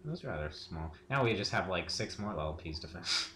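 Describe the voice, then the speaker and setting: A man's voice: deep voice, animated, fairly quick, sharp tone, slight background noise. A young man casually commenting on a video game with a friend, joking and laughing often. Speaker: let's play commentator. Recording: roomy echo with game music.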